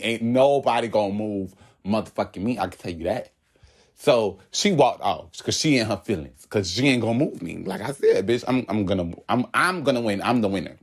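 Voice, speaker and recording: A young man telling a work story in a casual, animated way, swearing often and acting out what people said. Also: fairly low pitch. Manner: animated, profane storytelling with acted quotes.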